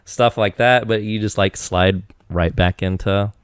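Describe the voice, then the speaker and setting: A man in his thirties from Eastern Washington, a podcast guest chatting casually in a rambling, animated way with lots of restarts. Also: lowish voice, a little slow, clear, resonant tone, no echo, studio quality. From Eastern Washington, USA. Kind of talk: casual chat.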